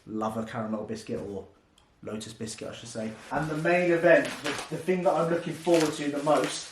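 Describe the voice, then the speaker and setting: A man's voice: a little high, fairly quick. A man with a casual, joking manner runs through a fitness product review, swearing freely as he goes. His voice bounces around a roomy space, with a faint hiss underneath. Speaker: fitness vlogger and coach.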